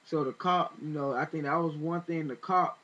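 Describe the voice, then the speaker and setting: A man with a fairly high voice retells events in loose, rambling commentary, full of fillers and restarts. His tone turns indignant as he goes. The recording sounds dull and lo-fi. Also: fairly even intonation, moderate pace, fairly bright tone. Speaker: vlogger. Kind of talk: casual spoken commentary.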